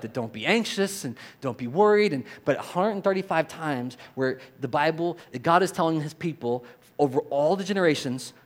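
A man preaching a sermon as pastor, conversational and animated, rising for emphasis and dropping low on quoted lines. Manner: conversational, with repeated restarts.

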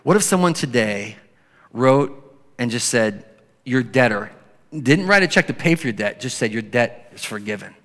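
A male pastor preaching a sermon in a conversational way, slowing and softening when he reads scripture. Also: mid-range voice, lively intonation. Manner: conversational preaching, drops to soft slow scripture reading. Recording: long hall reverb.

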